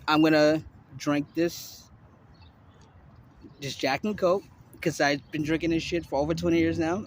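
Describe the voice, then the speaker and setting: A man in his forties from Miami, Florida, rambles to camera out on a city street, swearing freely and padding every thought with fillers. His voice sits a little high for a man. Faint traffic hums behind him. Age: 40s. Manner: loose, profane, heavy filler talk. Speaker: vlogger. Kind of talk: rambling casual monologue to camera.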